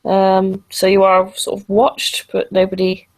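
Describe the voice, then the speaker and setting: A woman's voice: medium pitch, monotone, measured pace, a little mellow, poor audio. A woman narrating a tabletop role-playing game as storyteller, hesitant and full of fillers.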